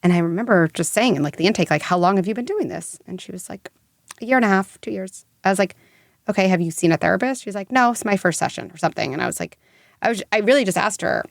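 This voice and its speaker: A middle-aged woman psychologist talks on a podcast, telling stories with open feeling and plenty of casual fillers. Her voice sits at a mid pitch and is recorded dry and close. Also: quick pace, creaky, dry recording. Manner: emotional storytelling, many fillers. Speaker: clinical psychologist guest. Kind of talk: podcast interview.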